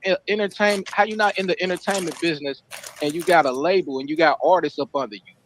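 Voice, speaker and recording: A man's voice: a little high, fast, fairly bright tone, a little hiss or hum, low-quality recording. A man arguing on a livestream, lecturing and scolding the other speaker. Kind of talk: heated livestream argument.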